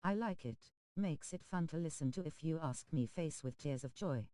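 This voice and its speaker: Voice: medium pitch, animated, normal speed, dark tone, a little hiss or hum, low-quality recording. A text-to-speech voice reading viewer chat messages aloud on a game stream, speaking emoji names and abbreviations literally.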